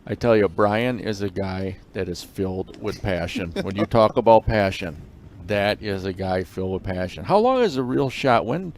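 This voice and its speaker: A man co-hosting a live fishing stream in relaxed, conversational commentary, often pausing on fillers. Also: lowish voice, vocal fry, a little hiss or hum.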